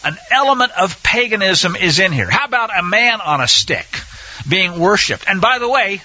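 A man's voice: sits high, very animated, normal speed, sharp tone, dry recording, lo-fi sound. A man teaching scripture in an emphatic way, repeating phrases and speaking directly to his listeners. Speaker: Bible teacher.

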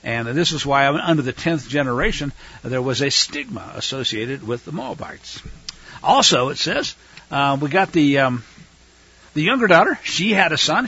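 A man's voice: on the high side, bright, forceful tone, husky, dry recording. A man teaching through a Bible passage verse by verse, reading it aloud, explaining Hebrew words and adding casual, chatty asides. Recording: dull lo-fi recording.

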